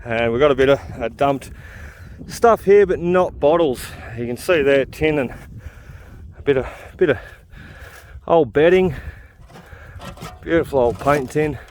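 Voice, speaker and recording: Man, vlogger, rambling outdoor walk-and-talk, mid-pitched, easygoing. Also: a little slow, long pauses, darkish tone, slight background noise. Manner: chatty, rambling, frequent "uh" fillers. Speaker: vlogger relic hunting. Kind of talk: casual walk-and-talk commentary. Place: outdoors on a hill in the bush.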